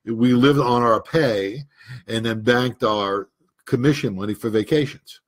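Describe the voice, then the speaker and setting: A man's voice: mid-range voice, a little slow. An older man, a former policeman and businessman, telling stories from his past in a casual, rambling way on a podcast. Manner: rambling, recollecting aloud. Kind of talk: casual conversational storytelling.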